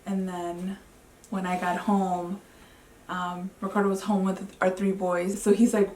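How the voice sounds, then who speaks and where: A woman in her thirties telling a personal story to camera as a vlogger at home, chatty and excitable, with many filler words. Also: medium pitch, unhurried. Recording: roomy sound, mic at a distance.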